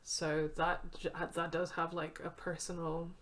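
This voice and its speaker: Casual lady streamer chatting over a story game, swears a bit, lowish voice. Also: completely flat delivery, measured pace. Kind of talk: casual let's play commentary.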